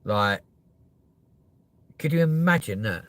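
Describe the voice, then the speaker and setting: A man's voice: lowish voice, lively intonation, slow pace, fairly bright tone, dry recording. A young man hosting a live stream, chatting casually and joking with viewers, with plenty of swearing. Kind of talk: rambling live-stream chat.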